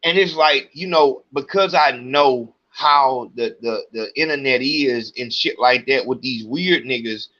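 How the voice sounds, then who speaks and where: A man's voice: mid-range voice, a little slow, few pauses, pushed and bright, lo-fi sound. A podcast host, a man, venting in an agitated, profane rant to his audience. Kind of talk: ranting monologue.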